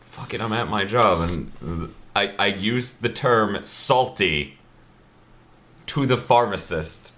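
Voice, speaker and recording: A man co-hosting a gaming podcast who tells stories in an animated, joking, casual way. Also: fairly low pitch, slow, a little hiss or hum. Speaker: podcast co-host. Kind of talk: casual chat.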